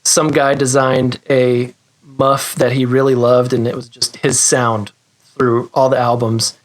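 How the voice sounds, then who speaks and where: Male podcast guest, mid-pitched, rambling, self-mocking, casual. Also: level tone, unhurried. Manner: rambling, self-deprecating, laughs. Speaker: guest, guitar pedal maker. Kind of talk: casual interview chat.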